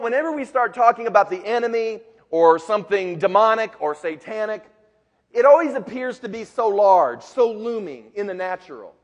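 A male pastor preaching a sermon with emphatic, building repetition in a large church sanctuary. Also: sits high. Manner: emphatic and building, with repeated phrases. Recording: long reverb of a large hall.

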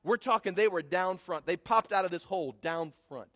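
High-voiced man preaching in a hall. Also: normal speed, fairly bright tone. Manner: storytelling, rising to emphatic preaching. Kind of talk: sermon with a personal story.

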